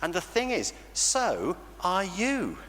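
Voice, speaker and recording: A man with an English accent leading an all-age church talk for children, animated and playful, often laughing. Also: high-pitched, slow. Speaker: church leader. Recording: church reverb with faint noise.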